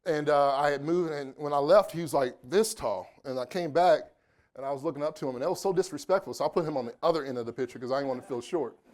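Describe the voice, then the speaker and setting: A man's voice: on the high side, fast, darkish tone. A man in his forties from Indianapolis gives a motivational keynote to a live audience in a conference room. His voice sits slightly above the usual male range. He talks in a loose, chatty way and keeps teasing the people in the seats. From Indianapolis, United States. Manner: joking, chatty, playful with the audience. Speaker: keynote speaker.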